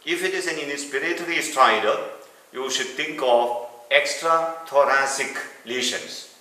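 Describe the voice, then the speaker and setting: A man's voice: medium pitch, a little slow, bright, forceful tone. A man teaching a clinical lecture, explaining step by step and repeating key terms. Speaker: medical teacher. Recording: echoey room, mic at a distance.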